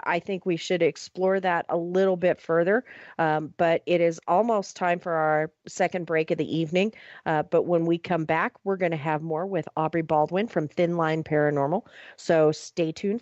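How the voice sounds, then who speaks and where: A woman hosting a casual radio talk show, upbeat and quick to laugh. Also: lowish voice, no room sound. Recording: muffled radio broadcast audio.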